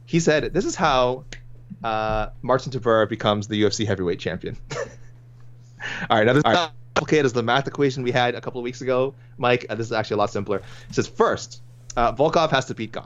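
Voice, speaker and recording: A man co-hosting a casual sports podcast, chatting loosely and chuckling as he reads through listener suggestions. His voice sits at an ordinary middle pitch. The audio is a little dull and lo-fi. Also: fast. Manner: chatty, chuckling, many restarts. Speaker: podcast co-host reading listener picks.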